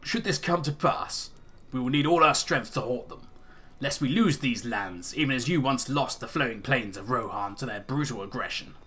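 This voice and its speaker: A man's voice: mid-range voice, lively intonation, normal speed, bright, forceful tone. Man voicing emissary, put-on accent, formal, persuasive, game dialogue. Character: smooth-talking male emissary of a dark wizard. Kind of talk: reading game dialogue aloud in character.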